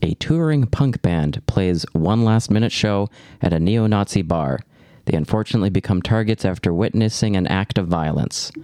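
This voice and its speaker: A man's voice: low-pitched, normal speed, clear, resonant tone. A man hosting a casual movie podcast, recapping the plot and joking with his co-hosts. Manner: joking, reads the synopsis in a plain steady way. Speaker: podcast host.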